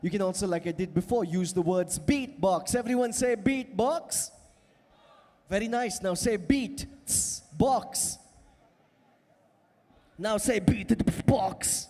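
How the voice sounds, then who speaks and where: In a large event hall with an audience, a man beatboxes on stage, teaching and coaxing the crowd with lots of energy. His voice sits high with a darkish tone, and he speaks slowly with long pauses. Long hall reverb fills the recording.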